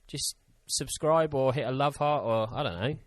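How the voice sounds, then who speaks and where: A man's voice: mid-range voice, normal speed, no room sound. A man co-hosting a casual podcast chat, teasing his friends and swearing freely. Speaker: podcast co-host.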